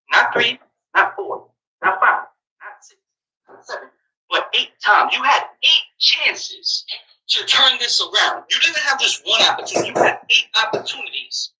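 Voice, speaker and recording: A man delivering a heated, profane commentary rant, talking fast and swearing constantly. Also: very high-pitched, sharp tone, far from the mic, rough recording. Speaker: commentary YouTuber. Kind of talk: ranting commentary.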